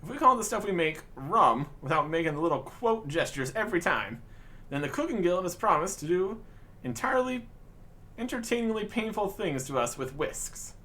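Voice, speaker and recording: A man's voice: sits high, expressive, normal speed, pushed and bright. A man voicing a rambling male pirate who brews rum in a fantasy game, spinning yarns in old-fashioned pirate talk. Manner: storytelling pirate talk, says 'tis and lad.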